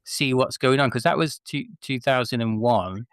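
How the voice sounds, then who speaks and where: A man's voice: mid-range voice, moderate pace, clean tone, no room sound. Forties guy from northwest england, chatty and self-mocking, telling wrestling stories, dry close mic. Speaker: interview guest, former wrestler. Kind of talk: casual interview chat.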